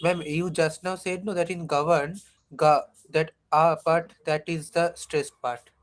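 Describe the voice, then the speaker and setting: Brief: slightly high-voiced man, polite hesitant student asking questions in an online class. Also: fairly even intonation, a little slow, poor audio. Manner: polite, hesitant, keeps saying ma'am.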